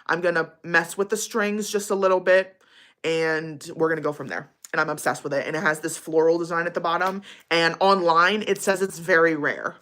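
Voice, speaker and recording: A woman's voice: lowish voice, fairly even intonation, moderate pace, fairly bright tone. A young woman casually chatting with viewers on her livestream, bubbly and giggly, with lots of likes and ums. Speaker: livestream host.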